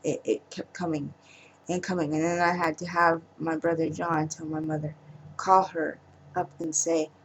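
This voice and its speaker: A woman speaking in a personal vlog monologue, halting and emotional, trailing off with pauses. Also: low-pitched, level tone, a little hiss or hum, rough recording. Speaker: vlogger.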